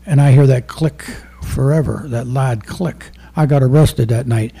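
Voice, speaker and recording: A former undercover narcotics officer turned poet, giving a rambling, profane poetry reading full of stories. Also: male voice, medium pitch, a little slow, vocal fry, dark tone, husky. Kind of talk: live poetry reading with storytelling.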